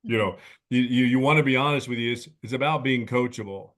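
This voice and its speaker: Man, fifties, earnest testimonial, halting restarts, middle pitch, video call. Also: fairly bright tone. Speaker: webinar guest speaker. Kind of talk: personal testimonial talk.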